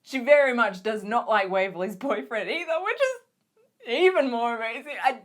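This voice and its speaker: A young Australian woman recapping her favorite shows in a casual, gushing vlog, giggly and excitable, full of fillers. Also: high voice, moderate pace. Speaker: vlogger.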